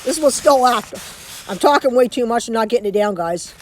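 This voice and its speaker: A woman's voice: a little high, expressive, fairly quick. A Canadian woman chatting casually on a live stream from home, rambling and restarting her sentences as she talks into her phone.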